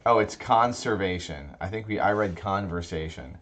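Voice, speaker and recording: A man's voice: sits low, expressive, normal speed, a bit bright. A man hosting a casual tabletop gaming podcast, rambling and restarting his sentences as he talks. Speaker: podcast host. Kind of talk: casual chat about tabletop games.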